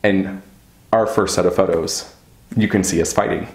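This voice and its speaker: A man with a lowish voice spins a profane, animated personal story, jumping into the voices of the people in it. He speaks casually, as if chatting straight to a viewer, and his voice rings in a noticeably echoey room. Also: moderate pace. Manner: profane, animated and dramatic, acting out quotes. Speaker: vlogger telling a personal story. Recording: roomy echo.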